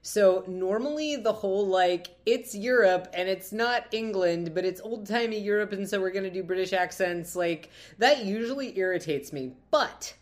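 A woman's voice: medium pitch, normal speed, hardly any pauses. A woman co-hosting a podcast, explaining her views on a film at length in a thoughtful, casual way. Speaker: podcast co-host. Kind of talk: casual film review chat.

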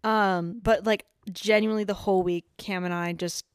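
A woman in casual chat with a friend, excitable and repetitive, full of fillers like "like" and "literally". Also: medium pitch, normal speed, clear, resonant tone, no room sound, studio quality. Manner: excitable, repeats herself, lots of "like" and "literally". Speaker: co-host.

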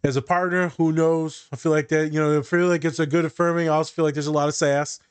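A man's voice: a little high, flat delivery, fast talker, clean tone. Male therapist-host, casual and blunt, salty language. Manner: blunt and profane, tells client stories. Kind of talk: casual podcast chat.

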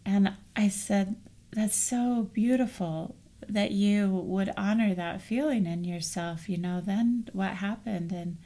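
A middle-aged woman talks softly about grief, her phrases often trailing off. Her voice carries a noticeable gravelly fry at a mid pitch. She tells stories patiently, like a mother. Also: fairly even intonation, takes it slowly. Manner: gentle, storytelling, soft trailing phrases. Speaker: co-host. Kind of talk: casual chat on grief.

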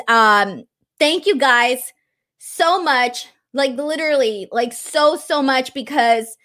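A woman's voice: sits high, fairly bright tone. A young woman hosting a livestream, chatting casually with many fillers and gushing thanks. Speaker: wrestling show host.

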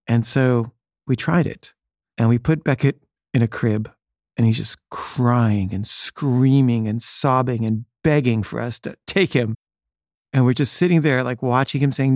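A man's voice: mid-range voice, moderate pace, darkish tone, no echo, clean studio sound. A father telling a personal story in a loose, casual way, with lots of "like" and "you know". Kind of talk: casual anecdote.

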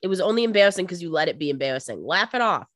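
Woman co-host, animated pitch, wry jokes, close dry mic. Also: very fast, no echo. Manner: joking, sarcastic asides. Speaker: podcast co-host. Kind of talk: casual chat.

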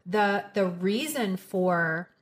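A woman's voice: mid-range voice, extremely slow. A woman co-hosting a casual podcast chat as a coach, talking in a reflective, earnest way. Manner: reflective, earnest, quotes others in lively voices.

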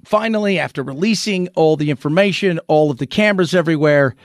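A man with a fairly high voice hosts an opinionated news commentary. He talks in an animated, rhetorical way and keeps restarting his sentences. The sound is dry and close, with no room echo. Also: quick pace. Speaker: commentary show host.

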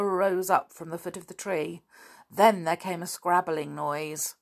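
Storyteller: woman, lower register, warm bedtime-story reading, friendly. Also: steady tone, unhurried, vocal fry. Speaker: storyteller podcast host. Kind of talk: reading a children's book aloud.

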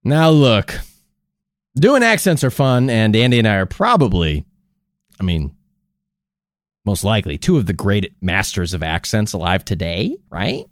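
A man co-hosting a comedy podcast, talking in a loose, halting, rambling way with jokes. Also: fairly low pitch, huge pitch swings, no echo, studio quality. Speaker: podcast co-host.

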